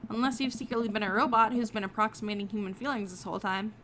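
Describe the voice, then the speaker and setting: A woman's voice: medium pitch, fairly even intonation, fast talker, fairly bright tone, a little hiss or hum, natural voice. A woman reading the lines of a caring father giving his daughter earnest advice in a game. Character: gentle caring father, middle-aged man.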